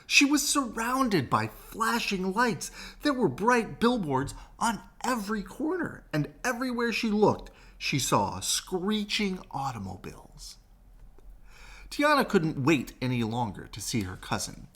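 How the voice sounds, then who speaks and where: A man reading a children's picture book aloud, slow and expressive, with sing-song rises and falls. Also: sits high. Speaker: storybook reader.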